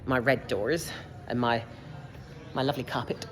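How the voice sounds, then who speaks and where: A man's voice: medium pitch, fairly even intonation, normal speed, a bit bright. A young man ranting casually about a film and the heat, sweary, exasperated and rambling, filmed in a cinema foyer. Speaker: film reviewer. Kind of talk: casual vlog rant. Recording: reverberant foyer, faint background noise.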